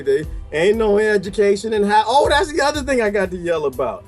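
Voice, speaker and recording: A man's voice: high voice, quick pace, few pauses, faint music behind. A man delivering an exasperated comedic rant to camera, laughing often as he goes. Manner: animated, exasperated ranting with frequent laughter. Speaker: vlogger.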